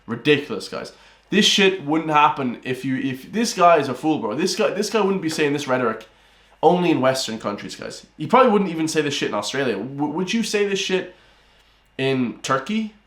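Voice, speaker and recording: A man's voice: fairly high pitch, lively intonation, a little fast, fairly bright tone. An Irish man hosting a reaction video, ranting and calling his viewers guys and bro. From Ireland. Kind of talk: reaction commentary. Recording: roomy echoey room.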